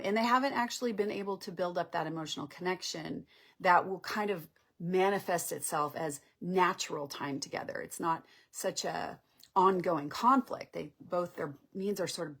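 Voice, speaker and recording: A woman's voice: lowish voice, moderate pace, creaky, a bit bright, husky. A woman relationship coach explaining on a live stream in a conversational way, often checking in with "right?". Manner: conversational, acts out couples' lines, checks in with "right?".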